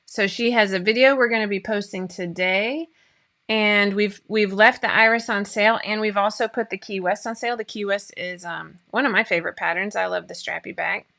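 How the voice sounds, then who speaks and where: A woman's voice: mid-range voice, fairly even intonation, moderate pace, bright, forceful tone. A woman, hosting a casual live-stream chat in a bubbly, rambling way with many fillers. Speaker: host of a sewing pattern company show.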